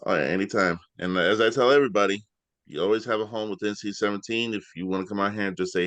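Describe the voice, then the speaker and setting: A man's voice: fairly low pitch, fast talker, no echo. A man hosting a casual interview show, chatting easily with lots of "you know". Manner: relaxed, uses filler like "you know". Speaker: podcast host.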